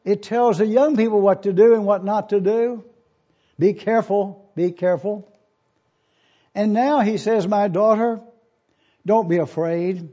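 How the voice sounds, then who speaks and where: A man in his eighties preaching a sermon, reading scripture and stressing his points by repeating questions slowly. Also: sits high, steady tone, warm tone. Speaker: pastor. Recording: dull lo-fi recording.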